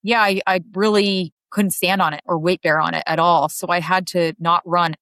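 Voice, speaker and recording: A woman's voice: on the low side, fairly even intonation, moderate pace, fairly bright tone, no room sound. A woman ultrarunner chatting casually as an interview guest, her speech full of "like" fillers. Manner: chatty, heavy use of "like" fillers.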